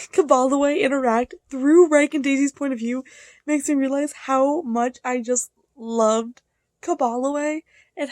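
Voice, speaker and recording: Here a young woman who vlogs about books talks through her reading in a high voice, full of fillers and chatty excitement. Her delivery keeps shifting from quiet reflection to loud enthusiasm. There's no room sound; the recording is dry and close-miked.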